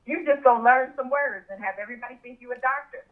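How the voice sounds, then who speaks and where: A woman's voice: high-pitched, fast talker. Opinionated woman guest over a phone line. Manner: thoughtful, opinionated. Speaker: podcast guest. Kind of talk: casual chat.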